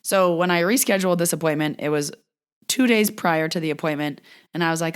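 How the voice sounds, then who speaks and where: A woman's voice: on the low side, fairly quick, smooth. A woman hosting her own podcast, casually telling a story about a client in a chatty way, full of fillers, and acting out what people said. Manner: chatty, filler-heavy, acts out quoted dialogue. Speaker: podcast host and Reiki practitioner. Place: lives in a Canadian mountain town.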